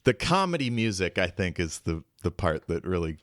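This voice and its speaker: A man's voice: sits low, sing-song, normal speed, dry recording, studio quality. A man hosting a podcast, recapping in a wry, joking casual chat. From United States. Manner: wry, recaps plot with jokes. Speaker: podcast host.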